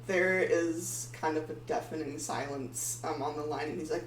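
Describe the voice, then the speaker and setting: A woman's voice: deep voice, fairly even intonation, normal speed. A woman narrating as game master of a tabletop game, hesitant and full of filler words. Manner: hesitant, full of ums and likes. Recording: echoey room, far from mic, faint hum.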